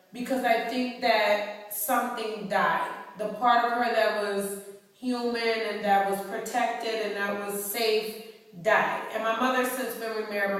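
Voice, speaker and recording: An author from New York speaks to her fans in a blunt, heated personal monologue full of profanity. Her medium-pitched, fairly bright voice is captured on an iPhone camera mic, far from the mic in an echoey hall.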